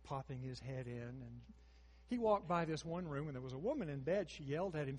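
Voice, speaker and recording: A man in his sixties preaching a sermon, moving between hushed storytelling and emphatic rises. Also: medium pitch, moderate pace, husky, in a large hall.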